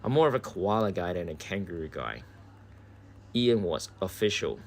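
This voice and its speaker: A man's voice: deep voice, big pitch swings, normal speed, vocal fry, slight background noise. An Australian man chatting casually on a live game stream from home, laid-back and swearing freely. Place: indoors at home.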